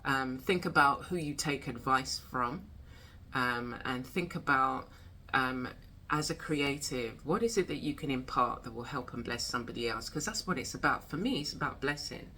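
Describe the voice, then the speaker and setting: A woman's voice: a bass voice, moderate pace, bright, forceful tone, husky. A woman hosting a casual chat about creativity, reflective and chatty. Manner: reflective, chatty, laughs often. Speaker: host.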